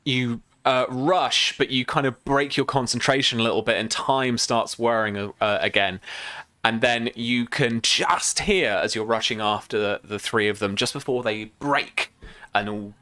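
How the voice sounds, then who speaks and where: A man's voice: mid-range voice, normal speed, bright, forceful tone, dry recording. A man as game master of a tabletop game, rambling with many fillers and restarts. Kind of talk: narrating a tabletop game on a stream.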